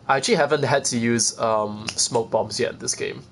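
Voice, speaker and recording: A man's voice: mid-range voice, brisk, vocal fry, few pauses, slight background noise. A man streaming a video game, rambling casually and chatting to viewers with self-deprecating asides. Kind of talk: casual gameplay commentary.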